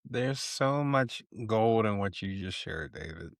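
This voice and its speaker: A man's voice: fairly low pitch, expressive, a little slow, vocal fry, no echo, studio quality. A man hosting an interview podcast, speaking reflectively with loose phrasing. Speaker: podcast host. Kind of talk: interview conversation.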